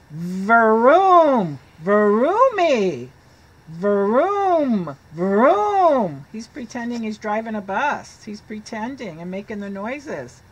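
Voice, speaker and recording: A woman's voice: mid-range voice, slightly rough, muffled recording. A middle-aged woman teacher reading picture books aloud to a child and asking questions as she goes. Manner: slow, animated, asks the child questions.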